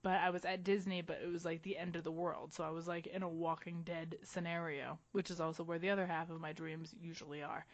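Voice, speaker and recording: A woman co-hosting a podcast, telling stories in a casual, animated way with frequent laughs. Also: fairly low pitch, quick pace, few pauses. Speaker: podcast co-host. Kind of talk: casual chat. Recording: dull lo-fi recording.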